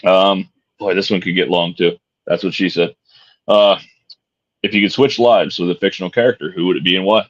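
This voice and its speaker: A man's voice: low voice, fairly even intonation, brisk, no echo. A man co-hosting a podcast in casual chat, laid-back, swearing and joking as he asks questions. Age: adult. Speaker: podcast co-host asking questions. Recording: dull dry lo-fi sound.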